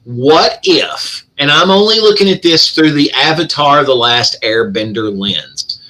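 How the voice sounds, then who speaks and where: Bright-voiced man, profane ranting cohost. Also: on the high side, expressive, a little slow, rough recording. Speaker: podcast co-host. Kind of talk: casual podcast chat.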